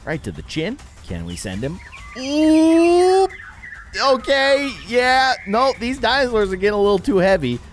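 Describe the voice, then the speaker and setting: An excitable man narrates a video game as he plays, jumping between low mutters and loud, high yelps. He jokes at the screen with a lively, bouncing voice, and faint music plays behind him. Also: moderate pace, hardly any pauses. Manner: excitable, jokey, yelps and laughs at the action. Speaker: gaming YouTuber. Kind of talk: game commentary.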